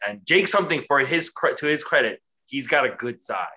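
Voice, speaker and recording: A man co-hosting a casual wrestling chat, profane and mocking, recapping a show and doing quick impressions. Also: medium pitch, animated, sharp tone. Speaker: wrestling podcast co-host.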